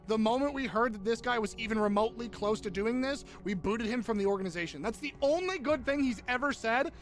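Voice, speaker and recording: A man's voice: very high voice, fairly bright tone. A man streaming live, talking in a heated, profane, casual way.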